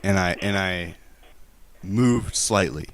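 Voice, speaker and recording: A deep-voiced man acting as a prank caller on a live stream tells a rambling, hesitant story and defends himself in a mock-earnest tone. He takes it slowly, and his voice sounds clean.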